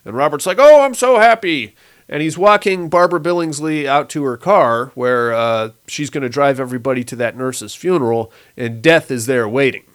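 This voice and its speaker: A man's voice: mid-range voice, normal speed, hardly any pauses, fairly bright tone. A young man giving a casual, sarcastic recap of a horror TV episode, laughing at the plot and acting out lines.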